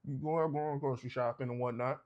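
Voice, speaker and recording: A man's voice: mid-range voice, steady tone, fast talker, muffled recording. A man, talking casually to camera and giving advice, sometimes acting out short exchanges. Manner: conversational, preachy, acts out little exchanges. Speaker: vlogger.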